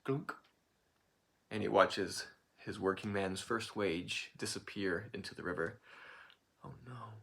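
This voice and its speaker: A man casually telling a folk tale in a playful, lively way, throwing in animal noises. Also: fairly low pitch, measured pace, gravelly. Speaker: storyteller.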